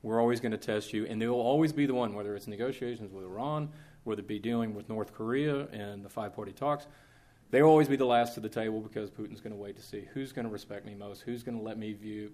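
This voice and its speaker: A man telling an anecdote to a live audience in a conversational, animated way, acting out the quotes. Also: lowish voice. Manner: animated, conversational, with frequent restarts and acted-out quotes. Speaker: speaker recounting diplomatic experiences.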